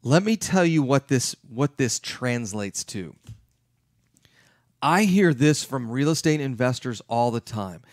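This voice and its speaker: A man's voice: medium pitch, lively intonation, normal speed, no echo. Emphatic man, dry close sound. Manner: emphatic, acts out his clients' questions. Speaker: real estate investment educator. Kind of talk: lively motivational talk.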